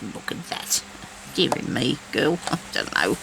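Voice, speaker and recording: A woman's voice: extremely low pitch, sing-song, takes it slowly, vocal fry, noisy background. A woman chatting casually while she crafts, thinking aloud and talking to herself as she works. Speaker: crafting vlogger.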